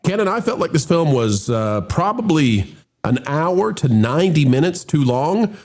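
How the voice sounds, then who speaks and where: Animated man hosting a movie review. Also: a little high, a little slow. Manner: showman-style greetings, animated and rambling with restarts. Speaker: host. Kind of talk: casual movie review chat.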